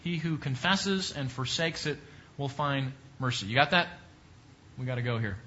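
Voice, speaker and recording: A man's voice: medium pitch, animated, normal speed, pushed and bright, dull audio, slight background noise. A man teaching a Bible class, preaching emphatically and repeating points with rising questions.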